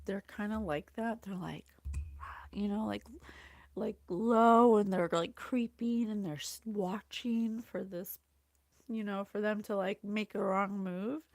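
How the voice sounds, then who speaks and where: A woman's voice: mid-range voice, darkish tone, dry recording, studio quality. A woman hosting a casual spiritual livestream, chatty and effusive, thanking viewers and reading a psalm aloud. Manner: chatty, effusive, laughs often, reads scripture aloud. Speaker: psychic reading host.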